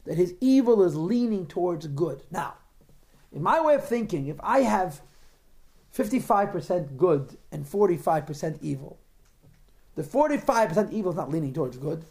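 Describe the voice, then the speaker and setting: A man's voice: high-pitched, big pitch swings, normal speed, darkish tone. A man teaching a class on a religious text, posing rhetorical questions to his students and answering their remarks. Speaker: Torah teacher.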